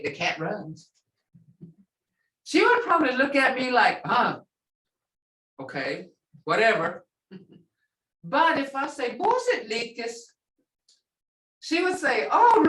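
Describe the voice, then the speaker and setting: A woman teaching a language class, animated, acting out reactions and laughing often. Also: fairly high pitch. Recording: roomy classroom sound from far off.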